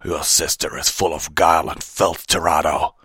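A man's voice: rumbling low, fairly even intonation, measured pace, bright, forceful tone, slightly rough, dry recording, studio quality, full character voice. A man voicing a huge, menacing male wolf king who growls and snarls his commands. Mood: enraged.

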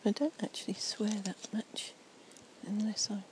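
A woman with a mid-range voice, a little tipsy, rambles softly in a whispered night-time ASMR chat at a moderate pace. She's outside by trees and a fountain, using a portable recorder, and the recording is rough.

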